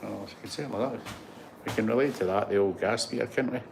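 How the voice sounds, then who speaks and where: A Scottish man in his late sixties, rambling and chatty, films himself outdoors on a handheld phone. His voice sits a little low, with clear outdoor noise around him. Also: quick pace. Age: 60s. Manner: chatty, rambling, self-deprecating. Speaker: vlogger. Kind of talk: casual walking tour vlog. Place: outdoor heritage museum grounds. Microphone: handheld phone on gimbal.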